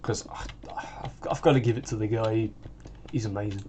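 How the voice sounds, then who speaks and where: A man's voice: fairly low pitch, brisk, darkish tone, slight background noise. Rambling British teen boy gamer. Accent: British English. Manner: rambling, full of "like" and restarts. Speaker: gaming channel host. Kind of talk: casual chat while gaming.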